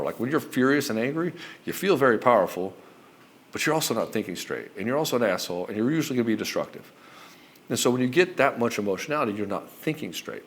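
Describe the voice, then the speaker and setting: A middle-aged man coaching husbands on their marriages, talking bluntly with swearing and acting out both sides of conversations. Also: fairly low pitch. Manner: blunt and profane, acts out both sides of dialogues. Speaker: relationship coach. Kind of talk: direct-to-camera coaching monologue.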